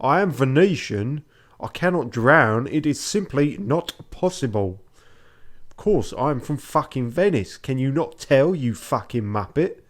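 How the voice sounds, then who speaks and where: A fiery young Venetian woman spits scorn in a thick Cockney accent, her voice pushed up high and loud. She curses freely and sounds haughty from the first word, with a man doing the voice. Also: lively intonation, measured pace, lightly acted. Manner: scornful, cursing.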